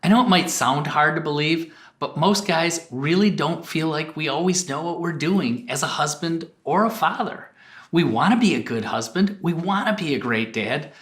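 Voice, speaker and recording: A man's voice: on the high side, moderate pace, fairly bright tone, echoey room. A middle-aged man co-teaching a marriage course, speaking earnestly and directly to the audience. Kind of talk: teaching talk to camera.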